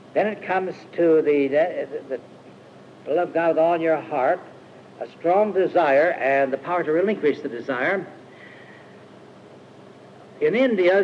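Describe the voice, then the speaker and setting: A man's voice: fairly high pitch, a little hiss or hum. Older man, from Iowa, rambling storytelling sermon, frequent uh's and restarts, muffled 1950s tape. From Iowa, USA. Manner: rambling, halting, with many uh-hesitations and restarts. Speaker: speaker at a Christian retreat camp. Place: camp meeting hall. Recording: dull 1950s archive recording.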